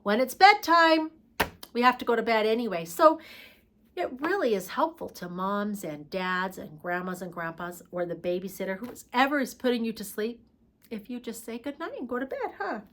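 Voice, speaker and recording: A preschool teacher, a woman, speaks in a high, very animated voice that rises and falls constantly. She talks gently to small children, reading a picture book aloud in a slow, playful way between craft steps.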